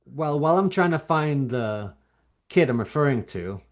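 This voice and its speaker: A man from Canada hosting a casual interview, speaking softly with hesitant restarts. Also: fairly high pitch, lively intonation, normal speed. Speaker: host. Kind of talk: casual video call interview.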